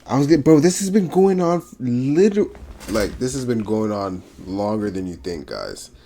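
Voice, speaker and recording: A man's voice: mid-range voice, sing-song, normal speed, mellow, a little hiss or hum. A man hosting a reaction video, commenting casually and often saying "bro". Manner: casual, says "bro" a lot.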